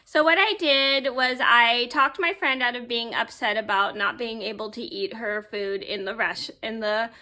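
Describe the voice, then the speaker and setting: A woman's voice: on the high side, moderate pace, few pauses, bright, forceful tone. A woman vlogger telling a story to camera in a casual, rambling way with many fillers. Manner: rambling, filler-heavy, easily sidetracked.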